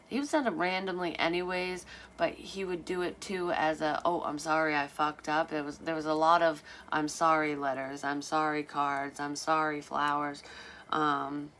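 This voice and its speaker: A woman with a notably low voice recounts a personal story in a loose, rambling way. She is blunt, drops curse words freely and fills her pauses with "um". There is a faint hiss underneath her speech. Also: fairly bright tone. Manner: candid, swears freely, rambling with fillers. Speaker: vlogger telling a personal story. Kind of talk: casual storytelling.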